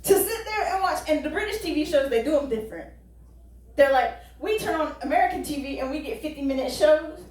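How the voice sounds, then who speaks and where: A woman's voice: sits high, lively intonation, brisk, a little mellow. A woman pastor preaching a folksy, joking sermon full of rhetorical questions. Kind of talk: conversational sermon. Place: church sanctuary. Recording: echoey church hall, distant mic.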